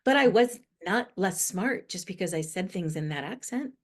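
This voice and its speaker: In a podcast interview, a middle-aged woman from the United States speaks as a guest expert on inclusive language, her earnest, animated explanations building in emphasis. Her voice is fairly low and her pace moderate.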